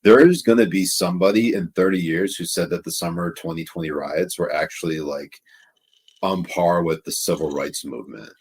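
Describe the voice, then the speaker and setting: A man's voice: deep voice, normal speed, darkish tone, slightly rough. A man co-hosting a casual political commentary show, ranting and swearing freely. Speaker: co-host.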